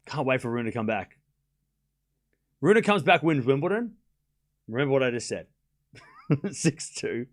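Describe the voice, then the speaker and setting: A man's voice: medium pitch, a little slow, long pauses. Rambling young man streaming tennis talk. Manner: rambling, filler-heavy, excitable, mocking. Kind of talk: casual live-stream chat.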